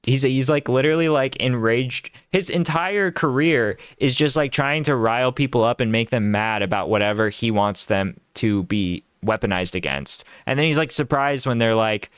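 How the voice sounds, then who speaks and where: A man's voice: mid-range voice, moderate pace, hardly any pauses, a bit bright, smooth, dry recording, studio quality. A man casually commenting on a clip, amused and mocking. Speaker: co-host reacting to a clip. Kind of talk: casual reaction chat.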